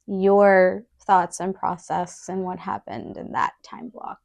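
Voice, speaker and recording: A woman's voice: on the low side, flat delivery, takes it slowly, gravelly, darkish tone. A young woman chatting casually as a podcast co-host, curious and asking probing questions. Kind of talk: casual conversation.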